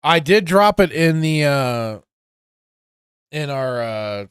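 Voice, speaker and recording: A man's voice: fairly high pitch, lively intonation, slow pace, fairly bright tone, clean tone, dry recording, studio quality. A man hosting a casual podcast, reading out chat messages and chatting loosely with many restarts and fillers. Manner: rambling, with frequent restarts and fillers, laughs often.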